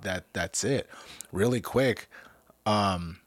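Host type, young man, lowish voice, dry close sound, cussing freely while he rambles through advice. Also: takes it slowly, no room sound. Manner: profane, rambling, with many restarts. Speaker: podcast host. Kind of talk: casual motivational monologue.

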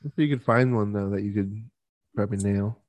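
A man in his thirties co-hosting a podcast in casual chat, chatty and quick to laugh, often acting out quotes. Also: on the low side, darkish tone. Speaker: podcast co-host.

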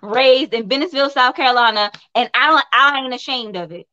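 A woman from Brooklyn tells blunt, animated stories in a casual chat. Her voice is high and bright. The sound is a little dull and lo-fi. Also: a little fast. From Brooklyn, New York. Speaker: co-host.

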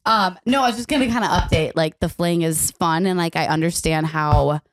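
A young woman co-hosting a podcast, talking in a relaxed, candid way full of casual fillers. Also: fairly low pitch, fairly quick, no room sound, studio quality. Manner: relaxed, candid, frequent likes. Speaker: podcast co-host. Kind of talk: casual chat.

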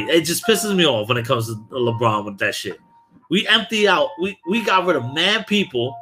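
A man's voice: medium pitch, sharp tone. A man from Brooklyn, hosting a casual podcast and ranting about sports in heated, profane talk. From Brooklyn, New York. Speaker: podcast host.

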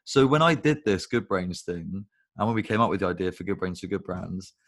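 A man's voice: low-pitched, fairly quick, fairly bright tone. A man, a guest on a video call interview, talking casually in long rambling stories and swearing freely. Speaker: guest, recruitment business founder.

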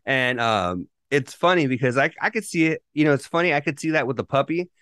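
A man's voice: medium pitch, expressive, fairly quick, a bit bright, clean tone, dry recording, clean studio sound. A man co-hosting a casual podcast, telling loose stories packed with profanity and restarts. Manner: loose, profanity-heavy storytelling with rambling restarts. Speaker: podcast co-host. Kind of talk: casual chat.

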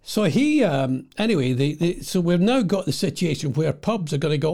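Give me an older Scottish man with a slightly high voice, chatting casually and digressively. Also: very animated, moderate pace, hardly any pauses, a little mellow. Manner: digressive, chatty, loses his thread. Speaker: vlogger. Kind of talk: casual rambling monologue. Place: home.

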